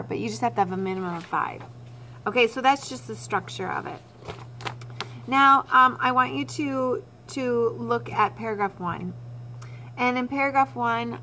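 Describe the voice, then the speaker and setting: A woman teacher talks students through a writing lesson in a steady, instructive way, repeating each key point. Her voice sits at a middle pitch. A faint hum runs under the recording.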